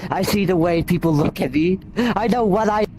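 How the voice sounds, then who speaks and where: A man's voice: high-pitched, natural voice. A man playing a humble, ashamed young knight. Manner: halting, earnest and apologetic. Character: humble young male knight ashamed of his low status. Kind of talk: tabletop role-play in character.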